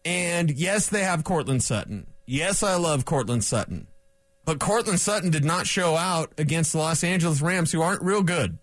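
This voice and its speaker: A man's voice: a little high, lively intonation, moderate pace, fairly bright tone, no echo. A man hosting a sports radio show, talking bluntly and with a lot of feeling, venting frustration in a casual, opinionated way. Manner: ranting, blunt and emotional.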